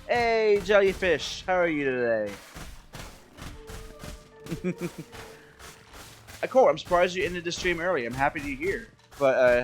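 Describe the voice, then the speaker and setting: A man from Maryland chatting casually with his viewers while streaming a game, rambling and self-deprecating. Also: mid-range voice. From Maryland, USA. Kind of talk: casual live-stream chat while playing.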